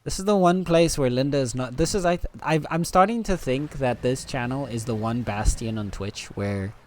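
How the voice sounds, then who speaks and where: A man's voice: mid-range voice, moderate pace, slight background noise. A man streaming a game and chatting casually with his audience, playful and teasing, laughing often. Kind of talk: casual live-stream chat.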